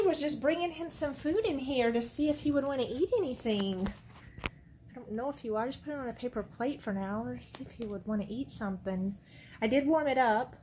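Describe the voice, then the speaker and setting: A woman's voice: high voice, fairly quick, slight background noise. A woman chatting casually in a home vlog, cooing tenderly at her cat and talking to the camera. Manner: coos and baby-talks to the cat, soft and tender. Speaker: pet vlogger. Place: room at home. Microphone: handheld camera.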